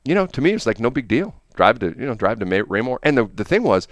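A man's voice: mid-range voice, sing-song, quick pace, dry recording. A middle-aged man hosting a morning radio show, telling rambling anecdotes full of fillers in a studio. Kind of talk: casual on-air chat and storytelling.

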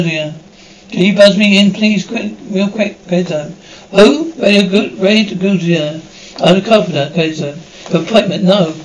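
A man flatly reading out a film script, stage directions and every character's lines alike, without acting them. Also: high-pitched, a little hiss or hum, low-quality recording. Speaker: script reader. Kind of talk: flat reading of a screenplay, stage directions included.

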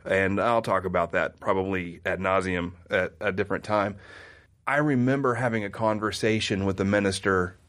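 A man's voice: low-pitched, normal speed. A man from the American Midwest, a guest in a casual conversation, telling stories animatedly. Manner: animated storyteller who acts out quoted voices.

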